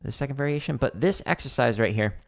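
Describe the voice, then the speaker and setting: A man's voice: medium pitch, fast, gravelly. A middle-aged man hosting a drum practice livestream, chatty and explaining exercises step by step with casual fillers.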